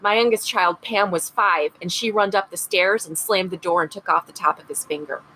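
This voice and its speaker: A woman's voice: lowish voice, normal speed, bright, forceful tone, husky, rough recording. A woman reading aloud as a working-class mother from upstate New York, trying a Rochester accent. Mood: wistful. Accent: Rochester, upstate New York (imitated). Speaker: podcast co-host.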